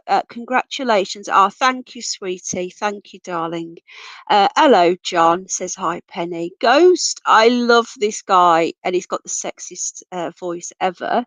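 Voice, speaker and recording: Her voice is mid-range with a fairly bright tone, recorded without echo through an off-camera computer mic. As host of a casual livestream, she reads out viewer comments and greets people as darling and sweetheart, her voice going from a cold.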